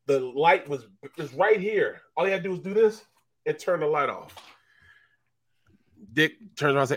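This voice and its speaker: A man co-hosts a casual sports talk show and tells locker-room stories in a bright, forceful voice. He acts out the people in his stories with loud, raised voices and laughs along as he goes, with his pitch sitting a little high for a man. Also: a little fast. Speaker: co-host, former football player.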